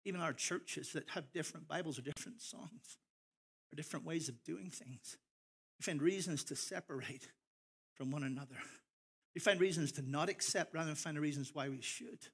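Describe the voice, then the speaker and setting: A middle-aged man from Ireland, his accent softened by years in America, preaches a sermon. His voice sits a little high for a man, and he slows right down and pushes harder on the phrases he wants to land. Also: gravelly, breathy edge. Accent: Northern Irish, softened by years in America. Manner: passionate, with big swells of emphasis and slowed key phrases. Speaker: pastor.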